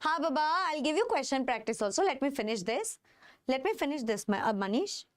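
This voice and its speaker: A woman's voice: sits high, very animated, no room sound, clean studio sound. A woman with an Indian English accent teaching chemistry in a live online class, stretching key terms and checking in with her students again and again. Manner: drawn-out stressed terms, constant check-ins with students.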